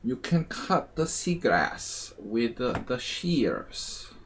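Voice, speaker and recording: A man putting on a slow, drawn-out, bizarre fake accent as a joke. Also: mid-range voice, big pitch swings, a little hiss or hum, voice pushed up, full character voice. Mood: mock-earnest. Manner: slow, drawn-out, sing-song delivery.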